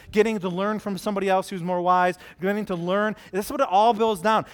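Earnest high-voiced male preacher. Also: smooth. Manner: earnest, direct, storytelling. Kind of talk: conversational sermon.

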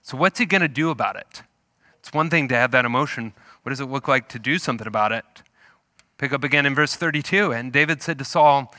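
A man preaching a sermon, retelling a scripture story in an animated, storytelling way. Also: mid-range voice, fairly quick, no room sound, clean studio sound. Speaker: pastor.

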